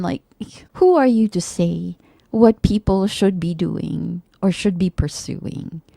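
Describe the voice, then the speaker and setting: Gravelly earnest woman. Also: lowish voice, slow pace, warm tone, no echo, studio quality. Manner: earnest, preachy, faith-based encouragement. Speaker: podcast co-host. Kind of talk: casual heartfelt chat.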